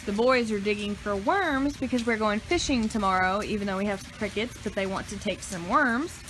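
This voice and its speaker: Woman in her thirties, casual home vlogger, halting and worried, mid-pitched voice, light noise behind. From Mississippi, US. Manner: worried, sighing, halting with fillers. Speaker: family vlogger. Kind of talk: casual vlog talk. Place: home, indoors.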